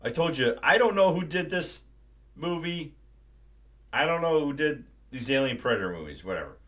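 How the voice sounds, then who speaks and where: A man's voice: on the high side, sing-song, moderate pace, a bit bright. A man hosting a live stream, ranting casually and profanely about a movie. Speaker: livestream host.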